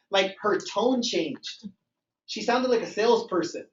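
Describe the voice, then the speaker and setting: A man giving an energetic sales training talk to a group in a meeting room, acting out phone calls and dialogues. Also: high-pitched, normal speed. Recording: echoey room, far from mic, dull sound.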